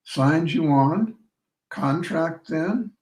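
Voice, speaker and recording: A tall, easygoing frontier general, voiced by a man reading aloud who talks with a good-humored drawl. Slow and a touch raised in pitch. Roomy sound, far from the mic. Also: lively intonation, a little mellow.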